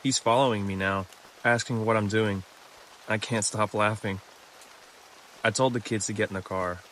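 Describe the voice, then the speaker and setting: A man reading scripted horror stories aloud in a measured, low-key way. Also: steady tone, fairly bright tone, a little hiss or hum, low-quality recording. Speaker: narrator. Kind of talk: scripted horror story narration. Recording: music clearly behind the voice.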